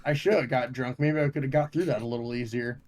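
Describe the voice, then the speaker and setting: A young man from Ohio co-hosting a podcast, telling stories in a profane, animated way. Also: medium pitch, fast, a little hiss or hum. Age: young adult. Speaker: podcast co-host. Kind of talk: casual chat.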